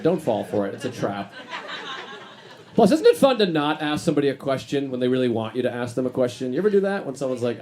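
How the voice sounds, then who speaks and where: A man's voice: medium pitch, sing-song, fast talker, a little mellow. A man doing a stand-up comedy set on stage, talking in a dry, grumpy, self-deprecating way. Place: comedy stage before a live audience.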